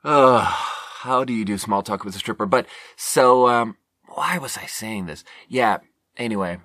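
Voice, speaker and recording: A young man from Sweden, a podcast host, telling a rambling, self-deprecating story with halting fillers. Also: fairly low pitch, a bit bright, no echo, clean studio sound. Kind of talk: casual storytelling monologue.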